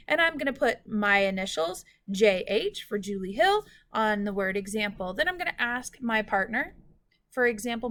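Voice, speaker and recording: A woman teacher giving a recorded phonics lesson, speaking slowly and clearly and stretching out words for students. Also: on the high side, a bit bright.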